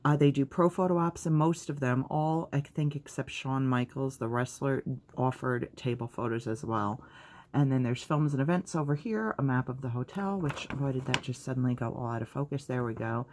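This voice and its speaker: A woman's voice: rumbling low, normal speed, a little mellow, slight background noise. A woman vlogger talking casually to her viewers in a chatty, upbeat way, with lots of fillers and asides. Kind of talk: casual vlog recap.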